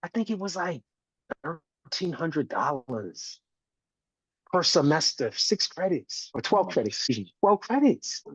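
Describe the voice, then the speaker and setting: A community educator from the United States, in his forties, speaks at a measured pace in a fairly high, breathy and very animated voice. As a podcast guest he's emphatic and preachy, repeatedly tagging "right?", in a dull, dry lo-fi recording.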